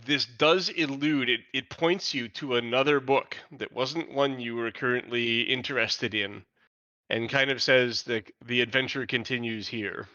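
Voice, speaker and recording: Guy gm for a tabletop game, bright voice, dry lo-fi mic, kinda halting explainer. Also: medium pitch, no echo. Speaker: game master.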